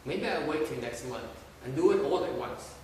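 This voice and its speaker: Blunt Buddhist master, echoey hall. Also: male voice, on the high side, animated, normal speed, darkish tone, recorded from a distance, a little hiss or hum. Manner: blunt and scolding, with rhetorical questions. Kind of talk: dharma talk sermon.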